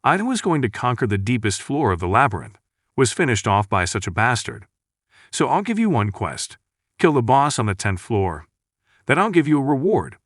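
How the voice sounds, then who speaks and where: A man's voice: mid-range voice, very animated, normal speed, fairly bright tone, no room sound, clean studio sound. A man reading the lines of a brash dead warrior ghost who boasts and mocks, in a recap narration. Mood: boastful. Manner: boastful, scolding, mocking. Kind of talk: recap narration with read-out dialogue.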